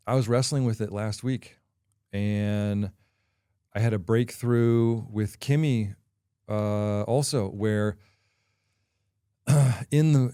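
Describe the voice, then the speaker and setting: A middle-aged man hosting a podcast, talking through a personal confession in a candid, halting way with frequent pauses. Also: lowish voice, mellow, clean tone, dry recording, clean studio sound. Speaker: podcast host.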